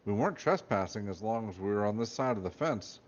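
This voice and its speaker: A man reading a comic novel aloud in a deadpan narrating voice. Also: on the low side, a little fast, highs cut off. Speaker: reader.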